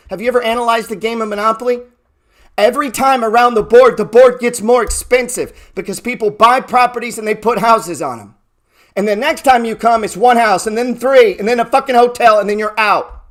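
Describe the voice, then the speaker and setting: A man giving a trading talk, cursing often and firing rhetorical questions, swinging between loud bursts and low murmurs. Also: a little fast. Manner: profane, emphatic, rhetorical questions. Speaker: trading educator. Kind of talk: motivational talk.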